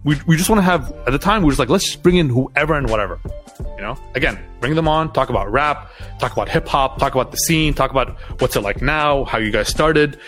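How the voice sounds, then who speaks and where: Animated male storyteller on a podcast. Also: medium pitch, quick pace, soft background music. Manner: animated storyteller, acts out quoted voices. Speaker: podcast guest. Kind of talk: casual interview storytelling.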